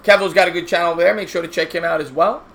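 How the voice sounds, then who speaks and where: A man's voice: a little high, steady tone, rapid-fire, fairly bright tone. A man, calling baseball play-by-play on a live stream while chatting with viewers. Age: 30s. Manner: chatty, jokey, reads viewer comments aloud. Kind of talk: casual play-by-play with chat shoutouts.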